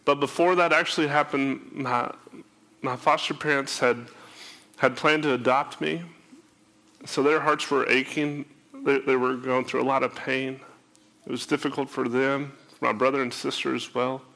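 A man sharing an emotional personal testimony, often halting and repeating his words. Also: mid-range voice, fairly even intonation, creaky, sharp tone.

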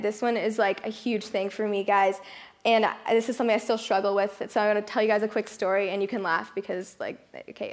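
A young woman giving a chatty, self-mocking testimony talk to a youth group in a fellowship hall, laughing as she tells her story. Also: mid-range voice. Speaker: youth speaker.

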